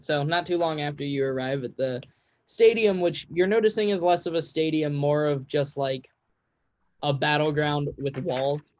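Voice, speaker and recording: A man runs a tabletop game as game master, his voice sitting a little high for a man. He narrates easily and laughs often, dropping into quick quoted lines for the people his players meet. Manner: relaxed storytelling, laughs often.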